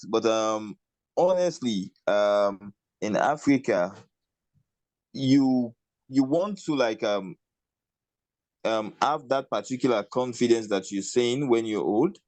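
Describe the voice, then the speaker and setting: A man's voice: on the low side, slow, darkish tone, no echo, rough recording. A man hosting an interview, speaking hesitantly with many fillers before landing firm points. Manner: hesitant, many ums, building to emphatic points. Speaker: host. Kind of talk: interview questions.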